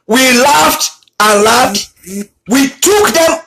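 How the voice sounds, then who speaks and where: A middle-aged man preaching, his voice pitched notably high for a man. He tells stories and drives points home by repeating key phrases. Faint noise sits behind him. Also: animated, normal speed, pushed and bright, low-quality recording. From Nigeria. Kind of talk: sermon with storytelling.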